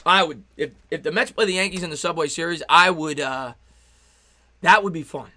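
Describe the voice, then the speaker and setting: A young man calling a baseball game live on his stream, excitable and chatty, reading viewers' messages between pitches. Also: normal speed. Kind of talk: fan play-by-play commentary on a live stream.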